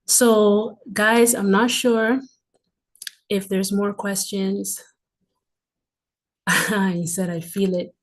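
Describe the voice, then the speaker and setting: A woman in her forties hosting a livestream, telling a heartfelt personal testimony. She is emphatic and fervent, repeats phrases for stress and slips into breathy, emotional asides. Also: medium pitch, flat delivery, extremely slow, long pauses. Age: 40s. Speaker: livestream host.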